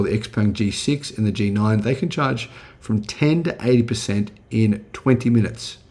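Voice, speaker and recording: A middle-aged Australian man hosts his channel with casual video commentary, full of fillers and restarts. His voice sits mid-range, creaky and slightly mellow.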